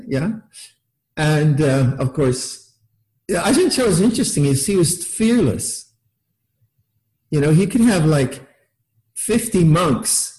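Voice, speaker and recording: An older man gives a meditation talk in a warm, mellow voice that sits a little high for a man. He chuckles often, stumbles over repeated words and pops into a higher voice to act out quotes. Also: low-quality recording. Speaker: meditation teacher. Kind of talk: dharma talk.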